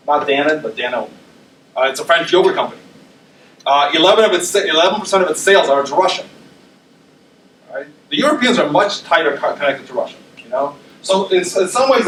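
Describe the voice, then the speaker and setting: Male lecturer, slightly higher voice, casual talk full of ums, distant mic in a roomy hall. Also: fairly bright tone, slight background noise. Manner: conversational, many ums and tag questions. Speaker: university lecturer. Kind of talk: academic presentation. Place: lecture room. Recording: roomy echo, speaker far from mic.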